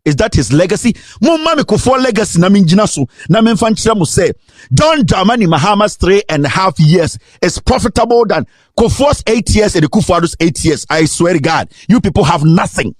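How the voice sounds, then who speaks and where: A Ghanaian man giving a fiery political rant, his fairly high voice leaping up and down as he fires off repeated rhetorical questions. He slips between English and Twi, sometimes in a sing-song lilt, and the sound is dry and close, with no room around it. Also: expressive, brisk, breathy edge, no room sound. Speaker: political commentator.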